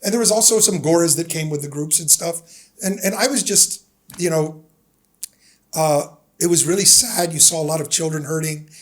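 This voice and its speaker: A fairly high-voiced American man in his fifties talks through his memories as a podcast guest. He tells them casually and animatedly, slipping into the voices of the people he quotes. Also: moderate pace. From United States. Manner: animated storyteller who acts out the people he quotes. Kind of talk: casual storytelling interview.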